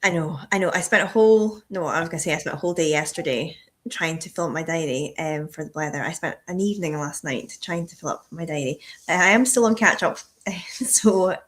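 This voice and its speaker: A woman's voice: low-pitched, fairly quick. A Scottish woman co-hosting a casual live-stream chat from her home kitchen, chatty and sweary. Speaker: whisky shop co-host.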